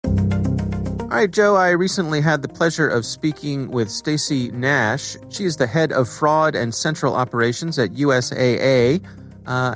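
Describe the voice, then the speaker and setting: A man co-hosting a podcast, chatting in a relaxed way with plenty of fillers. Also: fairly high pitch. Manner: relaxed, conversational, many fillers. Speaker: podcast co-host. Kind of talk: casual podcast chat.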